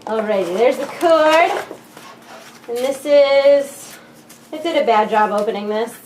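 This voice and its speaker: Giddy high-voiced young woman vlogger. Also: lively intonation, a little slow, darkish tone. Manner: giddy, jokey, talks to herself while fiddling with the box. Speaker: unboxing vlogger. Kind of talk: excited casual unboxing talk. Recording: echoey room, faint background hiss.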